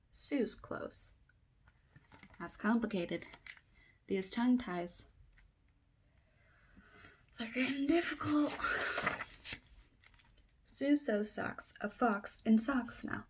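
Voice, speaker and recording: A woman reading a children's book aloud at circle time, trying tongue twisters slowly and then fast, with playful asides. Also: fairly high pitch, slight background noise. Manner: reads tongue twisters slowly, then races through them, comments playfully.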